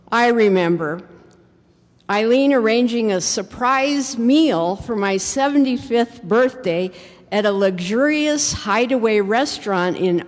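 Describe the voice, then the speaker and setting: A woman reading written tributes aloud at a memorial service in a slow, measured way. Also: medium pitch. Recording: reverberant hall.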